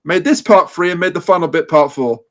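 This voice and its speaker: A man with a notably high voice, chatting casually on a review podcast. He jokes freely and keeps stopping to restart his sentences. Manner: joking, halting with restarts. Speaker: podcast co-host.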